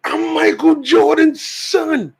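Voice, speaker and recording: A man voicing a frantic street panhandler who shouts wild claims in a high, drawn-out voice. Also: fairly even intonation, vocal fry, a crowd in the background, exaggerated voice. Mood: frantic shouting.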